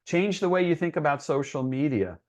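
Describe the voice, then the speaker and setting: A man's voice: fairly high pitch, expressive, brisk, darkish tone. A man giving an educational talk for parents in an earnest, reassuring, conversational way. He often checks in with his listeners by asking "right?". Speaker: presenter for parents. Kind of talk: educational presentation.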